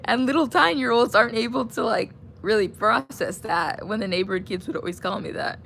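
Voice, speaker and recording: A young woman vlogger with a fairly high, brisk, gravelly, slightly bright voice chats casually on a livestream, reading and answering viewer comments. She drifts off topic, laughs, and trails off mid-sentence, with a little hiss or hum in the audio.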